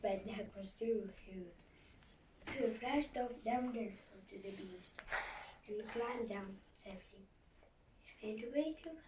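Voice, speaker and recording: A woman reading a fairy tale aloud, often in a hushed whisper, with a dramatic manner. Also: medium pitch, unhurried, pauses often. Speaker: storyteller. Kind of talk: storybook narration, often whispered. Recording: echoey room, far from mic, faint hiss.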